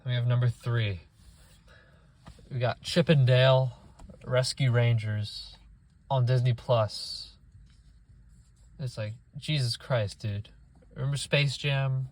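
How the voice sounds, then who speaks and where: A man's voice: medium pitch, fairly even intonation, slow, long pauses, darkish tone. A young man giving a profane, exasperated movie review rant, often mocking people in put-on voices.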